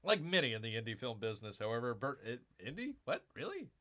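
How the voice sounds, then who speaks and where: Middle-aged guy doing sarcastic news rants, bright voice that jumps all over, kinda high. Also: big pitch swings, fast talker. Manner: sarcastic, rambling, mocking voices. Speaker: livestream host. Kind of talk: casual commentary on news.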